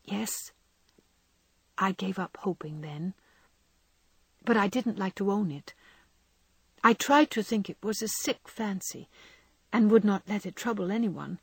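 Soft whispery sick girl, gentle and resigned, breathy, woman reading her. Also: mid-range voice, measured pace, pauses often, no echo. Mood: tender. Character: gentle frail young woman, dying, resigned.

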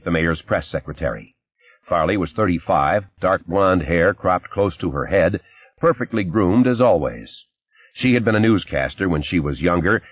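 Deep husky guy narrating a crime book, lively intonation, dry dull recording. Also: no echo. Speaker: audiobook narrator. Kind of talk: scripted first-person narration.

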